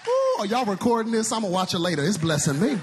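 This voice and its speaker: High-voiced preacher shouting a sermon. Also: male voice, huge pitch swings, fast, in a large hall, noisy background. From Dallas, Texas. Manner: shouting, sing-song preaching cadence with call-and-response. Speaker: guest preacher. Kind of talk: energetic sermon. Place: large church sanctuary.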